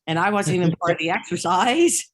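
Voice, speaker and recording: A woman's voice: fairly low pitch, expressive, a little fast. Chatty woman student on a call. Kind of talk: casual class discussion. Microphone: video call.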